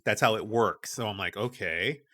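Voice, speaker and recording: Lively man telling a story. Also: on the low side, moderate pace. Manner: animated storyteller, acts out quoted people. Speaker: podcast co-host. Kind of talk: casual storytelling chat.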